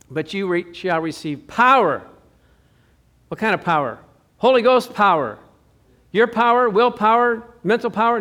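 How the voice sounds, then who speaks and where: High-voiced man preaching a lively sermon. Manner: lively storytelling with acted-out quotes, asks the audience questions. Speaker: pastor.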